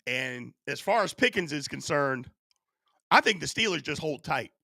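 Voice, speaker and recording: Male stream host, voice fading hoarse; bright, edgy tone, dry close-miked sound, casual chat with the audience. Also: a little high, normal speed, no echo. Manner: animated, reads and answers chat. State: voice going hoarse. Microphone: studio USB microphone.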